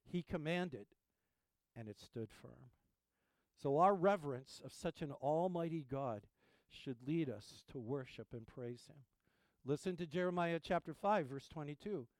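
A male pastor preaching a sermon in an earnest, emphatic way, trailing off quietly at the ends of phrases. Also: fairly high pitch, lively intonation, unhurried, dry recording.

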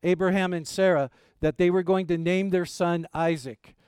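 Male pastor, middle-aged, higher voice, smooth tone, dry close sound, folksy sermon storytelling. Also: fairly even intonation, moderate pace, a little mellow, no echo. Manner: folksy storytelling with many fillers and restarts.

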